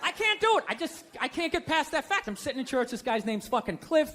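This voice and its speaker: Stand-up man, very high bright tenor, sarcastic ranting, live stage mic with a faint crowd. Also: sing-song, a little fast. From United States. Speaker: stand-up comedian. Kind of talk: stand-up routine. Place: comedy stage before a live audience. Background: audience laughter.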